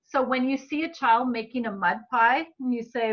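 Slightly hoarse woman teaching, fairly high voice. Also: normal speed. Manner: earnest and expressive, acting out what parents say to children. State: slightly hoarse, clearing her throat. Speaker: Bible-based mental health teacher. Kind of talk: teaching talk to a class. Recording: dull lo-fi recording.

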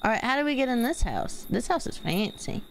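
A woman's voice: on the high side, big pitch swings, a little fast, vocal fry, slight background noise. A woman streaming a game live, chatting casually, giggling and thanking viewers over and over.

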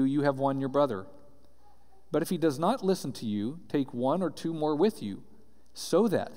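A male pastor delivers an earnest sermon, reading passages aloud and then unpacking them for his listeners. His voice sits a little high for a man. The sound carries the long echo of a church hall. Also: darkish tone. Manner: earnest, reads scripture aloud then explains it with frequent "right?". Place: church sanctuary. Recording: roomy church hall reverb.

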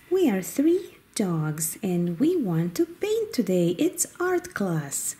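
A woman hosting a kids' toy video, narrating her play in a slow, sing-song way for young children. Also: mid-range voice, very animated, mellow.

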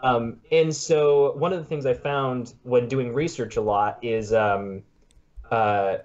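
A student interviewer, a man, working through his questions slowly with plenty of ums and restarts. His voice sits at an ordinary middle pitch and comes through a slightly muffled call line. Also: steady tone, darkish tone. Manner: hesitant, many filler words.

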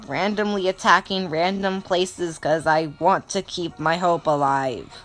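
A woman's voice: lowish voice, fairly even intonation, unhurried, soft background music. A woman narrating her strategy game play in a melodramatic, self-mocking way. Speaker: gamer. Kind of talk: let's play game commentary.

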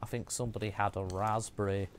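A man's voice: on the low side, flat delivery, fast talker, a little hiss or hum. A man streaming a game, chatting and joking and muttering asides to himself as he plays. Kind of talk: casual gaming commentary.

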